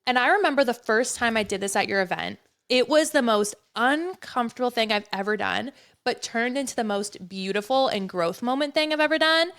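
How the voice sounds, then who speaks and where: A woman hosting a podcast, candid and chatty, with casual swearing in relaxed conversation. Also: fairly high pitch, brisk, smooth. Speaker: podcast host.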